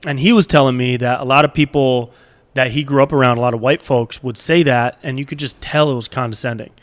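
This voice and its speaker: A man with a middle-pitched, everyday voice talks in a laid-back way, slipping jokes into the conversation. He sounds like a comedian relaxing as a guest on a podcast. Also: fairly even intonation, a little fast. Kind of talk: casual chat.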